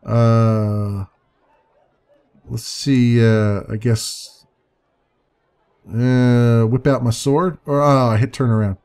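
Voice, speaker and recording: A man's voice: mid-range voice, steady tone, extremely slow, pauses often, darkish tone, clear, resonant tone. Man reading a text game aloud. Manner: musing, hesitant, chuckling. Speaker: let's play narrator.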